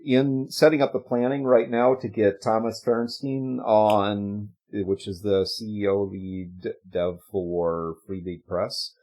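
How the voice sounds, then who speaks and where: Casting: male co-host, lowish voice, relaxed rambling announcements. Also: slow, hardly any pauses. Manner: upbeat, rambling announcements with fillers. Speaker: podcast co-host. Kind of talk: casual livestream chat.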